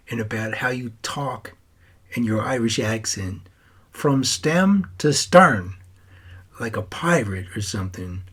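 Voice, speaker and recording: A man's voice: mid-range voice, husky. A man voicing a troubled teenage boy who writes and talks to his grandfather in an earnest, wistful way.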